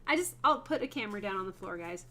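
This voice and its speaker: A woman's voice: mid-range voice, expressive, fast, sharp tone, a little hiss or hum. A woman hosting a wood burning livestream, chatting casually with viewers by name and laughing often while she works.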